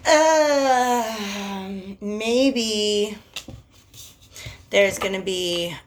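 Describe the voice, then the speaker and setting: A woman giving a casual tarot reading in a chatty, slangy, animated way. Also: medium pitch, very slow, a little hiss or hum. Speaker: tarot reader.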